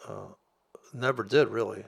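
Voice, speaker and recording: A man's voice: lowish voice, a little slow, gravelly, breathy edge. A man delivering a profane, sarcastic rant as a trading vlogger, swearing constantly and mocking people in put-on voices. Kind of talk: profane ranting monologue.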